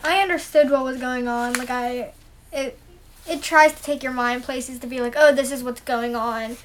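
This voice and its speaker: Soft-spoken, slightly high-voiced woman, tentative movie podcast co-host. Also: fairly even intonation, normal speed, a little hiss or hum. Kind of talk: casual movie review chat.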